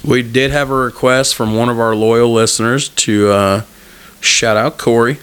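A man's voice: mid-range voice, steady tone, moderate pace, a bit bright, smooth, no echo. A man in his thirties co-hosting a podcast in casual chat, joking and rambling, often slipping into voices to tell a story. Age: 30s. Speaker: podcast co-host.

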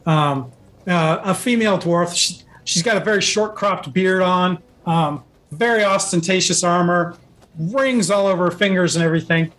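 High-voiced male game master, loose and rambling delivery. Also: normal speed, a bit bright. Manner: rambling, with many fillers and restarts. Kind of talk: narrating a tabletop game.

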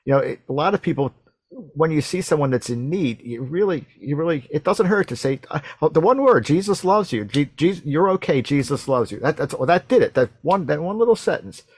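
A man hosting a faith radio interview, telling a personal story in a halting way with many repeated words and restarts. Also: a little high, animated, husky, no room sound, clean studio sound. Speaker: radio show host.

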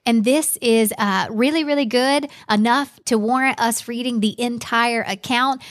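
A woman teaching a podcast Bible study, reading scripture aloud in an earnest, measured way. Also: fairly high pitch.

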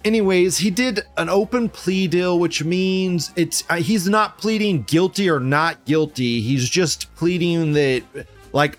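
A man's voice: fairly high pitch, a little slow, faint music behind. A man hosting a news commentary show in a casual, profane, mocking rant, laughing often.

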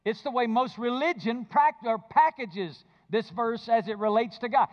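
A man preaching a sermon, moving between low intimate speech and loud emphatic bursts. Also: normal speed, few pauses, lo-fi sound. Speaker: pastor.

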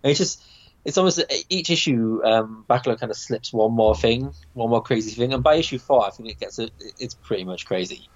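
A man's voice: medium pitch, a little fast. Rambling man, slightly muffled. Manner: rambling, many fillers and restarts. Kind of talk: casual comic book discussion.

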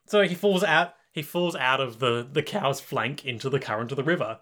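A man's voice: medium pitch, moderate pace. A man co-hosting a casual podcast, recapping an episode and slipping into silly voices. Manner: animated, does silly character voices when retelling scenes. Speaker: podcast co-host.

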